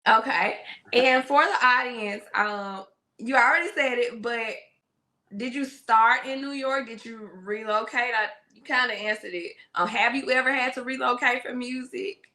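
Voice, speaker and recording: A woman host with a noticeable American regional accent, hyping up her live chat. Her voice is high and bright, with a forceful edge. She talks directly and with excitement to her viewers and guest. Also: moderate pace. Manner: hyped, talks straight to her chat audience. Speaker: interview show host. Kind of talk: live-stream interview hosting.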